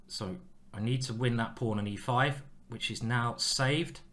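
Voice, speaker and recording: A man commentating live on his own blitz chess games in a playful, self-mocking and excitable way. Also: medium pitch, a little slow. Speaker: chess streamer playing a blitz match.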